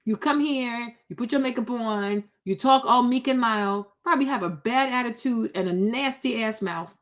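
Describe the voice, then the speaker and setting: A woman with a high voice gives blunt, sassy reaction commentary as a vlogger. She scolds with pointed rhetorical questions and a no-nonsense edge. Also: moderate pace.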